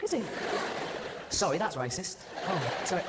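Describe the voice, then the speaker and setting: A man's voice: fairly high pitch, animated, quick pace, noisy background. A man performing live stand-up comedy, mocking and swearing as he mimics people, recorded in a large venue before an audience. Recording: echoey arena with loud crowd ambience.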